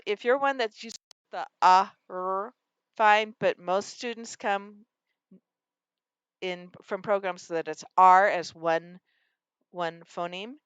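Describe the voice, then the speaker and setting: A woman's voice: medium pitch, smooth, no echo, dull audio. A woman reading teacher explaining a phonics game and acting out her students' answers. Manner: animated, acts out student answers.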